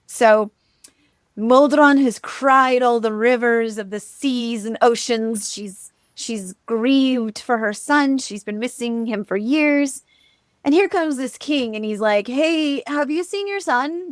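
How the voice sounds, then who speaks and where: Chatty high-voiced woman telling folklore. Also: dry recording, clean studio sound. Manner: chatty, laughing, many fillers. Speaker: podcast host. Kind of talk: casual storytelling chat.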